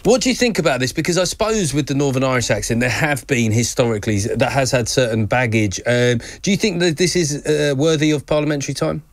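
A man hosts a chatty current-affairs radio show and runs a little quiz segment. His delivery is playful and self-mocking, at a mid pitch for a man. The sound is dry and close, with no room around it. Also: dry recording. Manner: playful, quick to laugh at himself.

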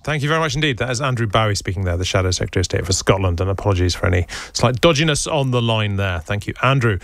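A man presenting on radio, interviewing guests with brisk, conversational questions. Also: fairly low pitch, lively intonation, dry recording.

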